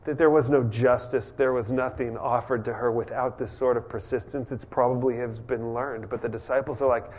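A man preaching a conversational sermon as a pastor, relaxed and chatty, restarting sentences and adding humorous asides. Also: mid-range voice, a little fast, few pauses, a little hiss or hum.

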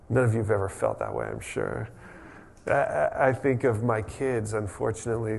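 A man preaching a conversational sermon as a pastor, relaxed and chatty, restarting sentences and adding humorous asides. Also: on the low side, moderate pace, gravelly.

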